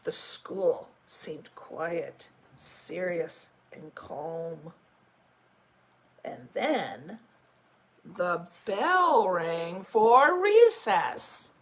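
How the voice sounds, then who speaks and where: A woman school principal reading a picture book aloud to children, with animated storytelling and chatty asides. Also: lowish voice, extremely slow, breathy edge. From United States.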